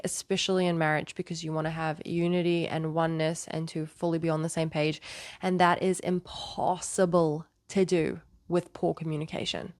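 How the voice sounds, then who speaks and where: A woman's voice: fairly low pitch, no echo. A woman giving earnest relationship advice to camera in a casual, explanatory way. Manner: earnest, explanatory, acts out quoted lines. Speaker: relationship advice video host.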